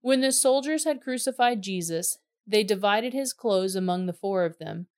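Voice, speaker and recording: A woman reading a scripture passage aloud, in plain, steady narration. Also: mid-range voice, normal speed. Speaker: scripture reader.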